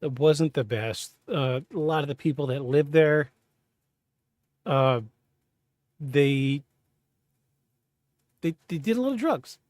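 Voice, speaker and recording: A man hosting a podcast, telling a personal story in a halting, candid, self-interrupting way. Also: a little high, expressive, darkish tone, no room sound, clean studio sound. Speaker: podcast host. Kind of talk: casual storytelling.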